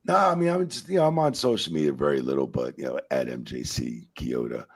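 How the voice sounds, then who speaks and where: Gravelly, husky middle-aged man telling stories. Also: extremely low pitch, quick pace, dry recording, studio quality. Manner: excitable, swears freely, peppers talk with "man". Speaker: podcast guest, wrestling referee. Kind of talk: animated storytelling in casual chat.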